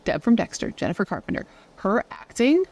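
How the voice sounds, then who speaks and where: This is a woman telling spooky true stories in a loose, conversational way. Her pitch moves around a lot as she talks. She swears easily and keeps turning to her audience with playful rhetorical questions. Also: wildly swooping pitch, a little fast, gravelly, a little mellow. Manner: chatty, swears casually, asks viewers rhetorical questions. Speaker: true crime YouTuber. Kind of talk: casual true-crime storytelling.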